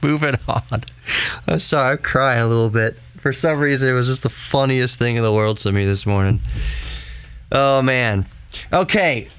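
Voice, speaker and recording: A man's voice: mid-range voice, a bit bright, dry recording. A man in his thirties hosting a solo podcast from home, rambling casually and laughing easily. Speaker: podcast host. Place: home room with laptop running.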